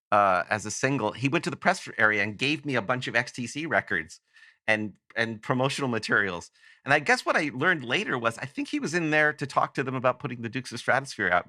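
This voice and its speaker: A Canadian man appears as a guest author on a podcast, telling a long, rambling anecdote full of self-corrections in a casual storytelling style. His mid-range voice is bright and forceful, recorded as clean studio sound without echo.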